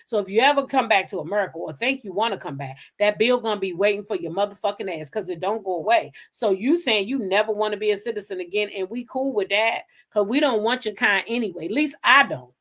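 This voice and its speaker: A woman's voice: mid-range voice, quick pace, hardly any pauses, a bit bright. A woman hosting a celebrity gossip show, ranting in a heated, profane, sassy way in unscripted commentary.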